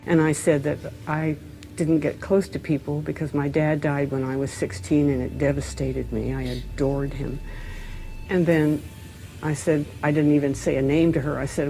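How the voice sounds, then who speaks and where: A woman's voice: low voice, dark tone, poor audio. An older woman sharing a heartfelt, tearful personal story in an interview.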